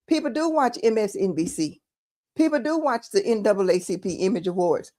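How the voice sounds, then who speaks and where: A woman's voice: mid-range voice, expressive, fairly quick, warm tone. A Texan woman giving casual political commentary, emphatic and repeating words for stress. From Texas.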